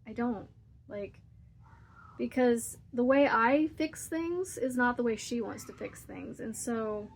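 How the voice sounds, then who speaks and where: A woman's voice: on the high side, expressive, takes it slowly, gravelly. A woman hosting a crochet channel, chatting casually while she crochets and rambling through a story with frequent laughs.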